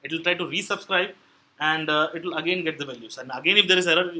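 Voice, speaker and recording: A man's voice: fairly high pitch, fast talker, bright, forceful tone, rough recording. A man presenting a technical meetup talk, explaining step by step with many fillers and restarts. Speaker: meetup speaker on Android programming. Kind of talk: live technical talk with audience questions. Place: meeting room at a tech meetup.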